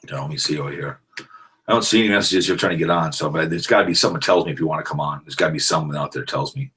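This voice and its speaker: Deep husky guy rambling thru a live sports podcast, gets loud n hyped. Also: racing. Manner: rambling, loud excited bursts of trash talk. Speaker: podcast host. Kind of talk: casual live-stream sports chat.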